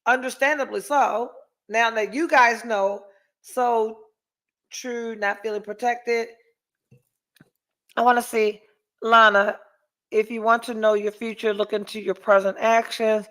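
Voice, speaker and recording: A woman's voice: a little high, steady tone, a little slow, pauses often, fairly bright tone. A middle-aged woman hosting a podcast, telling a story in casual chat and reading viewer comments, blunt and profane. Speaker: podcast host.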